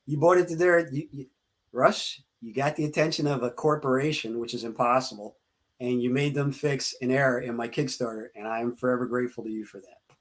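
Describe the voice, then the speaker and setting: A man's voice: medium pitch, fairly even intonation, fairly quick. A man talking as a guest on a casual podcast, easygoing and grateful. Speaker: guest, comic creator. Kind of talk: casual chat.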